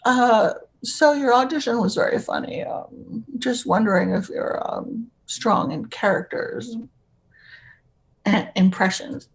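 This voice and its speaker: A woman doing an impression of a male TV producer who speaks in a halting, hesitant way. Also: fairly high pitch, vocal fry, rough recording. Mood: deadpan.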